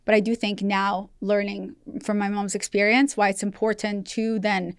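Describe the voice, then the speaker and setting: A woman's voice: mid-range voice, level tone, normal speed, clear, resonant tone, no echo, studio quality. A woman in her thirties from Russia, a podcast guest telling candid personal stories in casual chat and laughing often. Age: 30s.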